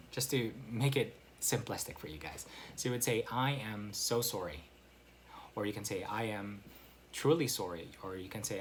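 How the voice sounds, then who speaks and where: A man's voice: lowish voice, slight background noise. A man giving a casual online English lesson, explaining step by step with frequent fillers and "right?" check-ins. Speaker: English teacher.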